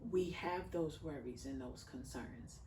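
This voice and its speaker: A woman's voice: low-pitched, unhurried, mellow, far from the mic. A woman in her thirties, a mother and podcast guest, speaking earnestly and heartfeltly in a casual interview, with a preaching lilt. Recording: roomy echo, off-mic, faint background noise.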